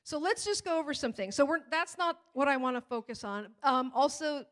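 A woman pastor preaching in a conversational, animated way, retelling a family story and scripture with acted-out quotes. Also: sits high, brisk. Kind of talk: sermon with personal storytelling.

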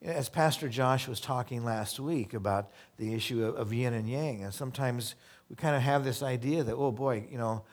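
A male pastor preaching, reading scripture slowly and then explaining it in a casual, conversational way, often repeating words as he goes. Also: mid-range voice. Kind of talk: sermon.

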